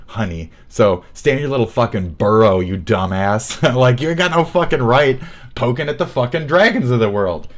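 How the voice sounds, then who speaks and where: A man streaming live and ranting, sarcastic and mocking, with heavy swearing. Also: on the low side.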